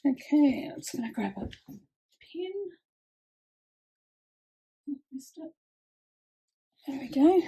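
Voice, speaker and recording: A woman's voice: sits high, animated, slow pace, pauses often, mellow. A woman chatting casually with lots of fillers while she demonstrates a craft project with her hands. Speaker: craft tutorial host.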